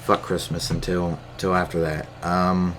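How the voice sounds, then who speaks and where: Low-voiced man on a profane rant. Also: little pitch movement, a little slow, a bit bright, slight background noise. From United States. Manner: profane, ranting, rambling with many fillers and restarts. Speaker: podcast host. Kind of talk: casual solo rant.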